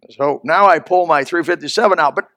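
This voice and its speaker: High-pitched male preacher, folksy storyteller, bursts of loud emphasis. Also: quick pace, no echo. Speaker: pastor. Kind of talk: sermon.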